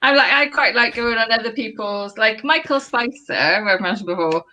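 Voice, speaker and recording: A woman's voice: on the high side, normal speed, sharp tone. A woman co-hosting a podcast who chats casually and giggles. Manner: chatty, giggly. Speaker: podcast co-host. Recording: noisy background hiss.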